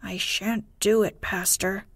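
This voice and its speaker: A woman's voice: mid-range voice, level tone, slow, a bit bright, slightly rough, dry recording, heavily acted. Woman reading a stubborn old mountain grandfather. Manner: firm and unyielding. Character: stubborn, gruff old grandfather living alone.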